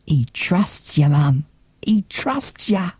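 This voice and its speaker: Cheeky child in a storybook, high and bouncy, read by a man. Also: big pitch swings, slow, darkish tone, slightly rough, no room sound, exaggerated voice. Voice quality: slangy, saucy.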